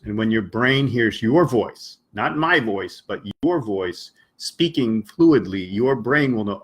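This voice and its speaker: A man's voice: on the low side, expressive, takes it slowly, few pauses, slightly rough. A man teaching English on a live stream, explaining patiently and acting out short example dialogues for his listeners.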